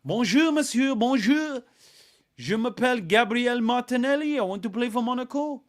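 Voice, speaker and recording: A man puts on a jeering impression of a footballer with an overdone fake French accent, sing-song and mocking. The voice sits clearly higher than his usual talk and sounds set apart from it. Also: expressive, moderate pace.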